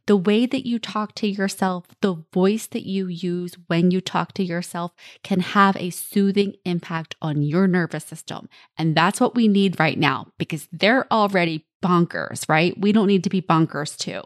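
A woman's voice: fairly low pitch, moderate pace, few pauses, no echo. Earnest woman coaching parents, dry close mic. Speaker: podcast host, parent coach. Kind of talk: advice monologue.

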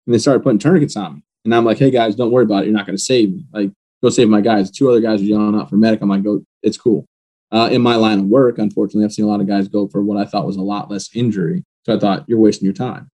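A man in an interview, bluntly retelling the day he was badly wounded, matter-of-fact and steady. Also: lowish voice, very fast. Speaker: guest. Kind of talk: personal storytelling in an interview.

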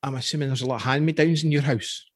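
A man's voice: mid-range voice, steady tone, rapid-fire, no echo, studio quality. A Scottish man in his forties hosting a podcast, chatting casually and telling rambling anecdotes with frequent chuckles. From Scotland. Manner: rambling storyteller, chuckles often. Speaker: podcast host. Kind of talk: casual interview chat.

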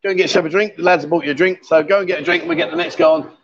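A man's voice: on the high side, steady tone, racing, background noise. A man hosting a live stream from a bar, bantering and teasing his guests in a jokey, chatty way. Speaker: livestream host. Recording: dull lo-fi stream audio.

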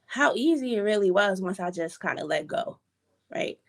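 A woman speaking as a guest in a relaxed interview. She tells her story with animated energy and slips into quick impressions of the people she quotes. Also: medium pitch. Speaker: program participant, guest. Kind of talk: casual conversational interview.

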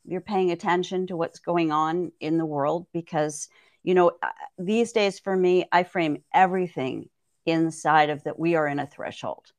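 Woman herbalist explaining in low dry voice. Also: a little mellow, dry recording. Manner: thoughtful, explanatory, frequent "right?". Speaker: herbalist guest. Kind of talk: conversational podcast interview.

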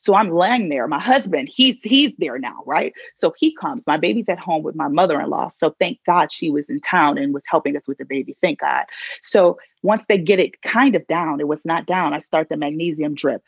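Gravelly-voiced woman telling her story. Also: sits low, moderate pace, dry recording. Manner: animated, vivid retelling with acted-out quotes. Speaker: podcast guest. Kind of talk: emotional personal storytelling. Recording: slightly dull lo-fi recording.

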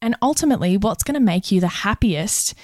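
A woman's voice: mid-range voice, animated, fairly quick, a little mellow. An Australian woman chats as a podcast co-host, upbeat and friendly, with a mid-range voice. The recording is dry and close, with no echo. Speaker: podcast co-host, recruitment coach. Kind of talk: casual podcast chat.

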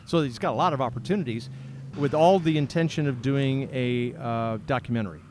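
A man hosting a podcast, chatting casually and telling an animated story, acting out the people he quotes. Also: medium pitch, brisk. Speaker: podcast host. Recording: outdoor recording with clear background noise.

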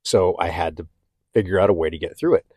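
A man talking candidly and haltingly about his own struggles, with many restarts. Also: low-pitched, a little mellow, dry recording, studio quality. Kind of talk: personal reflective talk.

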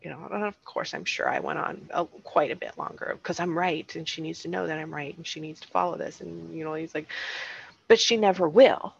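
A woman's voice: low voice, a little fast, vocal fry, hardly any pauses, fairly bright tone, dull audio, a little hiss or hum. A middle-aged woman hosting a solo podcast, telling personal stories in a candid, self-deprecating way. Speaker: podcast host.

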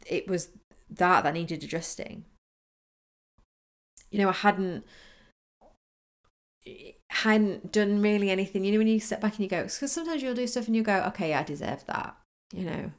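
A woman manifesting coach talking casually in a solo podcast, telling a rambling story with lots of fillers and restarts. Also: fairly low pitch.

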